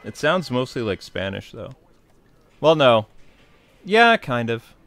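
A man's voice: medium pitch, very animated, takes it slowly, a bit bright, no echo. A man with a blended New York and Midwest accent, chatting casually over a game in a dry, close recording. He rambles, jokes and pokes fun at himself. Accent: New York and Midwest American. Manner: rambling, joking, self-deprecating. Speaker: let's play host. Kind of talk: casual gameplay commentary.

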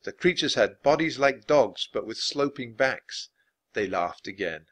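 A man reading a children's book aloud, expressive and dropping low for narration. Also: unhurried. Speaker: storybook reader.

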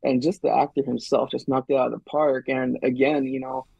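A man's voice: medium pitch, little pitch movement, a little fast, creaky, slightly rough, no room sound, lo-fi sound. A man being interviewed about his artwork, easygoing and laid-back in casual chat. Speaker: guest card artist.

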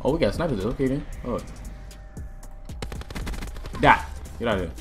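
A young man giving excited gameplay commentary as a gaming video host, loud and jumpy, repeating himself in bursts. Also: medium pitch, normal speed, pauses often. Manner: hyped, loud outbursts, repeats phrases, laughing. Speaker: gaming YouTuber. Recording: faint music and gunfire behind.

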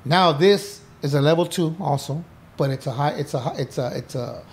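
A man's voice: fairly high pitch, normal speed. A middle-aged man, a podcast guest, tells his story in casual interview talk, acting out old conversations and swearing freely. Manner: animated, acts out quoted dialogue, swears casually. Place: indoor podcast room.

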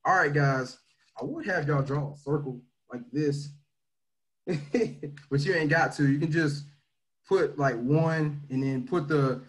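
Man, motivational livestream, slangy, energetic, loud pushes and soft asides, fairly high voice. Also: slow, rough recording. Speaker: team leader teaching leadership.

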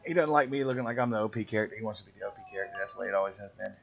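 A man's voice: fairly low pitch, racing, gravelly, slight background noise. A man chatting while gaming with friends, teasing them in slang and slipping into silly voices. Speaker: gamer streaming with friends. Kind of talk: casual chat over gameplay. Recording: muffled lo-fi audio with faint music.

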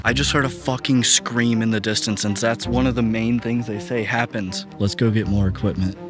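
A man hosting a ghost-hunting vlog outdoors at a rural bridge. He is excitable and jumpy, swears often, and swings from hushed asides to sudden exclamations. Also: fairly low pitch, moderate pace. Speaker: paranormal investigator, vlog host. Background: music under the voice.

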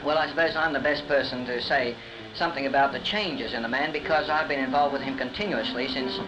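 A man speaks in a calm, measured documentary interview voice, pausing on small hesitations. His pitch sits in the middle. Music plays clearly beneath him. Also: poor audio. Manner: measured, thoughtful, with hesitant fillers. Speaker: interviewee, chapel associate.

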